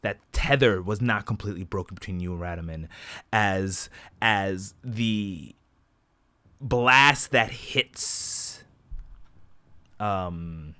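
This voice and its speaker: A man narrating as game master in a tabletop game, dramatic but halting, with frequent fillers. His tone is bright. The sound is dry and close. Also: sits low, no echo.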